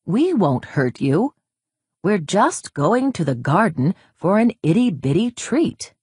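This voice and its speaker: A woman voicing a bold young boy chick, talking in a calm, reasoning way in a read-aloud storybook. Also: fairly low pitch, slow pace, husky, no echo, studio quality, full character voice. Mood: coaxing.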